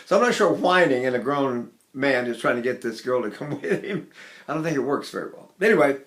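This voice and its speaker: An older man teaching singing technique, talking in an animated way with chuckling asides. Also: medium pitch, a little fast. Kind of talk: singing lesson lecture.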